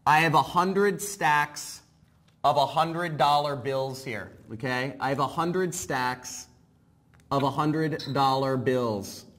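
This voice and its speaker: A man hosting a sales webinar over a video call, pushy and building to loud excitement. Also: medium pitch, slow. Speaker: webinar host.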